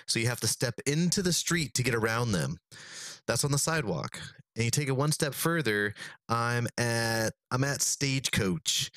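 A young man co-hosting a comedy podcast, telling a long, animated rambling rant. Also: lowish voice, clean tone, no echo, clean studio sound. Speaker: podcast co-host. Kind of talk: casual comedic podcast chat.

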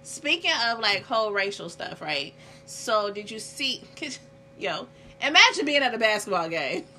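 A woman's voice: mid-range voice, moderate pace, a little hiss or hum. A woman with an American country accent in casual chat, telling stories animatedly and acting out what people said. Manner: animated storytelling, acts out quoted people.

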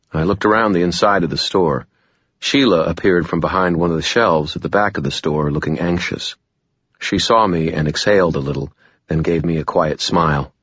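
Brief: male audiobook narrator, first-person, wry and dry, extremely deep, husky, dull lo-fi sound. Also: moderate pace, fairly bright tone, no room sound.

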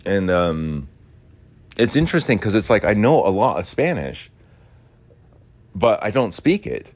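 A man's voice: lowish voice, very animated, unhurried, darkish tone. A young man from the United States talking in a loose, rambling monologue, full of filler words and casual swearing. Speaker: podcast host.

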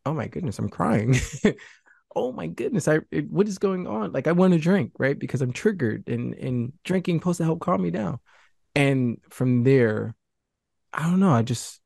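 A man as an interview guest, speaking earnestly and haltingly, often restarting his sentences. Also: medium pitch, creaky, a little mellow, dry recording, studio quality. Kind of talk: candid interview conversation.

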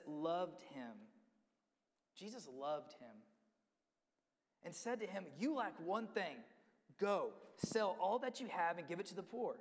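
A man's voice: high-pitched, gravelly. Guy preaching a sermon, emphatic, repeats his words, long echo like a big hall. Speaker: pastor.

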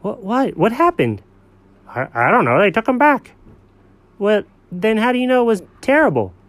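Man voicing an excitable pet, high voice, lively pitch, alarmed, dry close sound. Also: normal speed, no room sound. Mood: anxious.

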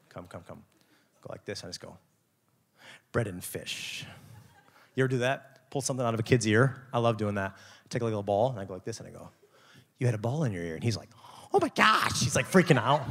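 Animated young man preaching a youth sermon. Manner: animated, jokey, acts out quotes with big pitch swings. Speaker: youth pastor. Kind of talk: lively sermon.

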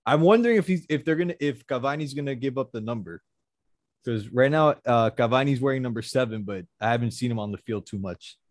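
Male co-host, relaxed slangy talker, mid-range pitch, dry close mic. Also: fast talker, no echo. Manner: laid-back, slangy, lots of restarts. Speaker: podcast host. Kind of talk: casual chat.

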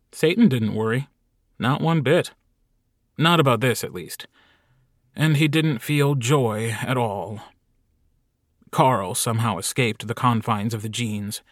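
Wry, deadpan male audiobook narrator. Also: medium pitch, no room sound, studio quality. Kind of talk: scripted narration.

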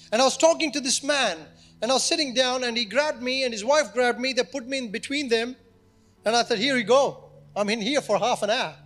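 High-voiced male pastor telling stories. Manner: animated storytelling, acting out quoted speech. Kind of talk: sermon. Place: church service.

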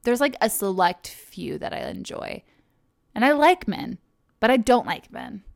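Very animated and unhurried, with vocal fry in her medium-pitched voice, a young woman from Kentucky talks through a casual solo monologue on her podcast. She's chatty and rambling, using many fillers and correcting herself often, and the studio-quality audio has no echo.

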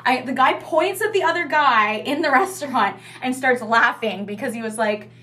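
Young woman ranting bout her restaurant shift, kinda high voice, swears a bunch, says like every other word. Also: moderate pace, pushed and bright, soft background music. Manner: chatty, swears freely, heavy use of "like". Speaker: restaurant takeout worker. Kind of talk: casual storytime chat.

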